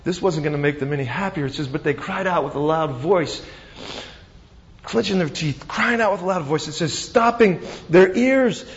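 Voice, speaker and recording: A man preaching a sermon as pastor, retelling the scene with animated, dramatic storytelling. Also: a little high, normal speed. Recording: dull sound with long reverb.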